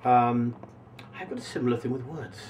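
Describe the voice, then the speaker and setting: Expressive male voice actor, slightly distant. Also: medium pitch, moderate pace. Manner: expressive, savoring individual words. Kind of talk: casual interview answers. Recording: voice a bit distant from mic, faint noise.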